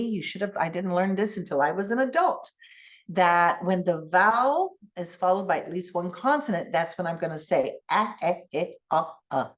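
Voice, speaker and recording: A bilingual woman whose first language is Spanish gives a conference keynote with a classroom demonstration on phonics. She uses an animated teacher voice, modeling sounds slowly, and her pitch is on the low side.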